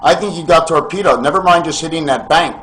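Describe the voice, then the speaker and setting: Here the man talks fast in a high-leaning, somewhat bright voice, a vlogger drifting through a spiritual sermon to camera full of rhetorical questions and friendly appeals to his listeners as friends. Slight background noise and rough recording quality come through.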